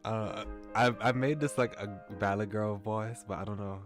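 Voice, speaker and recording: Male streamer, deep voice, reads the game text and muses aloud with chuckles. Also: fairly even intonation, moderate pace, music in the background. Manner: chuckling, musing asides between read lines. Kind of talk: reading a visual novel aloud with commentary.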